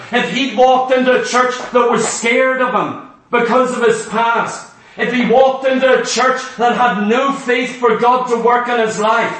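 A man's voice: very high-pitched, fairly bright tone. A man preaching a fervent, exhorting sermon in a church hall. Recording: echoey hall from far off.

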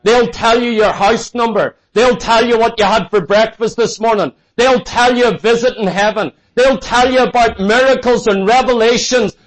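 A man's voice: extremely high pitch, moderate pace, hardly any pauses, poor audio. A man pastor preaching a sermon, warning his church with impassioned, repetitive urgency.

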